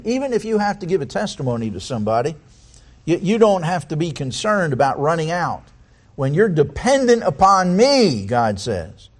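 A man delivers a sermon in a lively voice that rises and falls widely, set a little higher than most men. He reads scripture aloud and keeps asking the congregation rhetorical questions. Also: moderate pace. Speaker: preacher.

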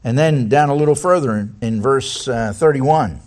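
A man's voice: medium pitch, moderate pace, a little mellow. A man preaching a sermon, reading scripture aloud and putting many rhetorical questions to the congregation.

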